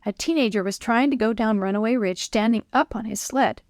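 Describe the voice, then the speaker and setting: A woman reading a children's Bible story aloud in a clear, expressive storyteller manner. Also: a little high, fairly quick, no room sound, clean studio sound. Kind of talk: scripted children's story narration.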